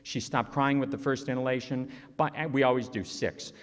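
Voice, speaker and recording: A man's voice: medium pitch, fairly even intonation, moderate pace. A man giving a conference presentation, earnest and conversational, telling personal stories with open emotion. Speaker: conference speaker. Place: conference hall. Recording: long reverb of a large hall.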